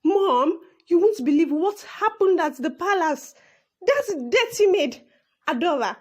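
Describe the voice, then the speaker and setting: A woman's voice: on the high side, animated, moderate pace, pitched below the performer's own voice. A woman voicing a proud, spoiled young woman who complains to her mother. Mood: indignant.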